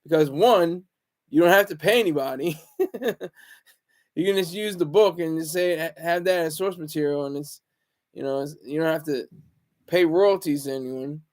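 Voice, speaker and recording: High-voiced rambling man. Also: normal speed, pauses often. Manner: rambling with frequent restarts and chuckles. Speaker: vlogger. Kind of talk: casual rambling monologue.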